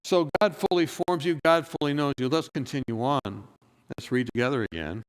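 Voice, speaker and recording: A man's voice: medium pitch, normal speed. Man preaching with a personal story. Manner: storytelling, acts out dialogue, rising to emphatic moments. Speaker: pastor. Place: church.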